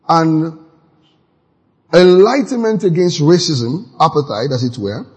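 A man preaching a sermon in an animated way, now and then shouting out quoted lines. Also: on the high side, husky. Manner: animated, acts out quoted voices with sudden shouts. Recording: long hall reverb.

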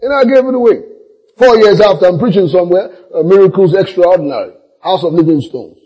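A man's voice: high voice, expressive, fairly quick, breathy edge, lo-fi sound. A middle-aged man, preaching a sermon through humorous personal stories, laughing often and acting out the voices of people in them. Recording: long echo of a large hall.

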